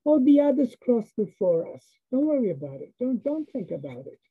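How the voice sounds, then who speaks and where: Woman doing a soothing gentle mother, soft reassurance, raspy voice, phone-like sound. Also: on the high side, sing-song, normal speed, pitched above the performer's own voice, exaggerated voice.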